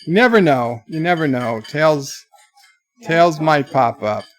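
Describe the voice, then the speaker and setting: Male streamer, reading chat comments, chatty, halting, slightly high voice. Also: lively intonation, soft background music. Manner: chatty, halting, with many restarts. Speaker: livestream host.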